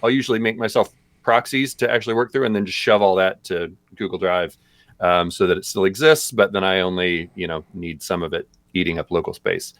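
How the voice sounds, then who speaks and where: A man's voice: sits low, steady tone, a little fast, a bit bright, no room sound, clean studio sound. A man co-hosting a live stream, answering viewer questions in a loose, rambling way with lots of fillers. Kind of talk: casual live-stream chat.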